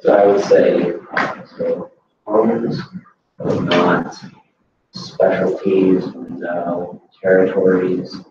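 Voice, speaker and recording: A male student with a low voice reasons aloud through a vocabulary question, unsure of himself. He is far from the mic in a very echoey classroom, with dull sound and clear background noise. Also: flat delivery, extremely slow. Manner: thinking out loud, uncertain.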